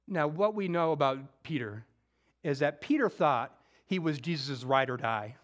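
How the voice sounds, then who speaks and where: A man preaching a conversational sermon, acting out scripture quotes and moving between loud emphasis and hushed, intimate moments. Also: a little high, expressive, unhurried. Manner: conversational, with casual slang.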